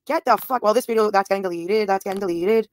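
This thirty-something woman is livestreaming, firing off blunt, profane replies to her viewers' comments. Her voice is mid-range and quick.

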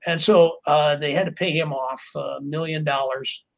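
With a slightly high, creaky, steady voice at normal speed, an older writer being interviewed for a podcast rambles through long anecdotes. Fillers, restarts, and acted quotes of others fill his stories, and the audio is poor.

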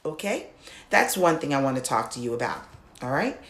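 A woman voice coach teaching an online lesson, who often repeats herself and checks in with "okay?", now and then singing or shouting demonstrations. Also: rumbling low, big pitch swings, brisk, echoey room. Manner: repeats words, checks in with "okay?" and "all right?"; sings demo lines and shouts "ha!" exercises.

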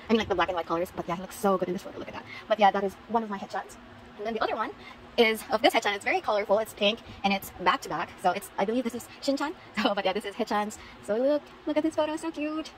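A woman's voice: mid-range voice, a little hiss or hum, poor audio. A woman showing off her concert haul in a casual vlog, gushing and repeating herself. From Philippines. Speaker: vlogger.

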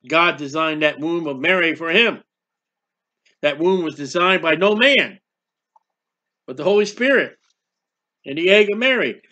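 A man preaches with a high, bright voice, stacking rhetorical questions and repeating lines as he goes. The recording is muffled and lo-fi. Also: animated, measured pace, pauses often. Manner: fervent, repetitive preaching with rhetorical questions and acted-out prayers. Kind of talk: sermon.

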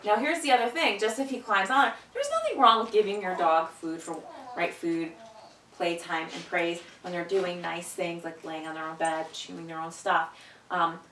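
A woman's voice: normal speed, far from the mic. A woman dog trainer explaining a training exercise between upbeat commands and praise to her dog. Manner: explains calmly, then gives sharp upbeat commands and high praise to the dog. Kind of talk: hands-on training demonstration. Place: indoor room with a dog. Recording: echoey room, voice from off-mic.

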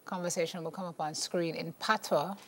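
A woman's voice: on the low side, fairly even intonation, a little fast, a little hiss or hum. A Jamaican woman hosting a morning TV show, upbeat and teasing as she explains a game's rules. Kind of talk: playful accent game on TV. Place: TV studio.

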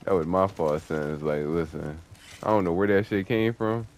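A young man commentating his online gameplay, taunting and cursing at opponents in an excitable, profane way. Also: low voice, normal speed, slight background noise. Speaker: gamer streaming online play. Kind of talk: trash-talking gameplay commentary.

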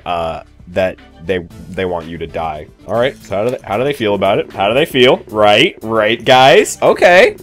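A man giving comedic let's-play commentary as a gaming YouTuber, goofy and jokey, with sudden excited yelps. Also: mid-range voice.

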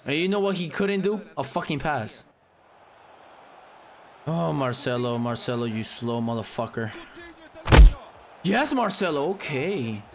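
A young man commentating his own live gameplay, cursing freely and swinging from low muttering to loud yelling. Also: sing-song, a little slow, pauses often, crowd noise. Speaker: gaming streamer.

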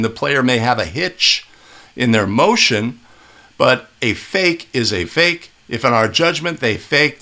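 Middle-aged male instructor, bright forceful tone, casual clip-breakdown teaching style. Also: medium pitch. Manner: conversational, asks "right?" often. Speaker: basketball officiating instructor. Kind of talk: video breakdown commentary.

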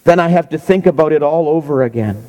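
A man's voice: a little high, fast talker, warm tone, close to an everyday voice. A man voicing a curious young man who keeps asking puzzled questions.

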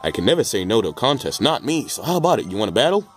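A man's voice: mid-range voice, sing-song, very fast, faint music behind, natural voice. A man voicing a chirpy young female roller skater trainer in a game, reading her lines with upbeat pep. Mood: peppy.

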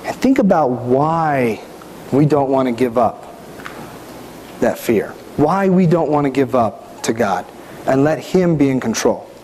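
A man's voice: medium pitch, lively intonation, measured pace, darkish tone. A middle-aged male pastor preaching a sermon in a church, speaking conversationally and often asking the congregation questions. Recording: reverberant hall, faint background noise.

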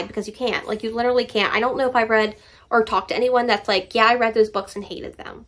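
A woman's voice: on the high side, fairly even intonation, fast, fairly bright tone. A woman talking casually to camera about her favorite books, emphatic and playful as she gushes. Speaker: book reviewer.

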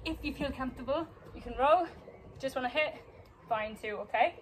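Brief: young woman dance teacher, bright higher voice, counts and scats steps, breathless, faint hiss behind. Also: moderate pace, rough recording. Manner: counts beats and scats moves aloud. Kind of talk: dance class instruction. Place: dance studio.

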